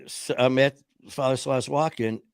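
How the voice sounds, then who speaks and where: A man in his fifties spins a loose, animated story at an ordinary mid pitch. He keeps restarting his sentences and slips into quoted voices. The sound is close and dry, with no room around him. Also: normal speed, clear, resonant tone, dry recording. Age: 50s. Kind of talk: casual storytelling chat.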